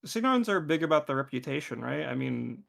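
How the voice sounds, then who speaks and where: A man's voice: on the high side, big pitch swings, fast, creaky, fairly bright tone. A man playing a tabletop game, talking in a hesitant, rambling way. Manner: hesitant, rambling, lots of fillers. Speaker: player. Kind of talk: casual game chat.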